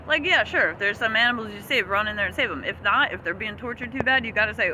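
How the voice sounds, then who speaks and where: A man with a high-pitched voice rants in a profane, agitated, rambling way. Traffic and street noise run loudly behind him outdoors. He talks straight to the camera as a vlogger. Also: animated, brisk. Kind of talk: angry ranting monologue.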